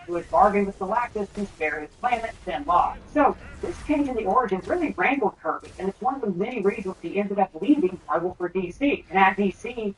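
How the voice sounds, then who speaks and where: A man hosting a film trailer breakdown, with brisk, enthusiastic commentary. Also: sits high, fairly bright tone, low-quality recording. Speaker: host.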